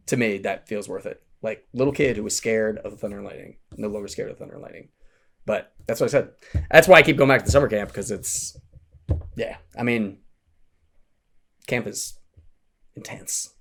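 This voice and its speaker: A middle-aged man, a podcast guest, telling stories in an animated, casual way and acting out quoted voices. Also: vocal fry. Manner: animated storyteller, acts out quotes in a high voice. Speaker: podcast guest, Renaissance fair founder and educator. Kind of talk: casual storytelling chat.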